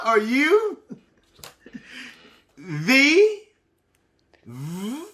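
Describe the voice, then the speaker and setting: Slow, bright-voiced man teaching preschoolers. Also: very high-pitched. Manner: animated, sing-song prompting. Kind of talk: early-childhood lesson, call and response.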